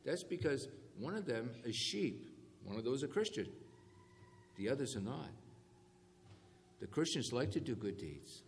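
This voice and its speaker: A man's voice: medium pitch, unhurried, long pauses, slight background noise. A man preaching a sermon, calling for amens and checking that the congregation follows along. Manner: call-and-response, animated emphasis on key phrases. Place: church hall. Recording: echoey hall with faint ambience.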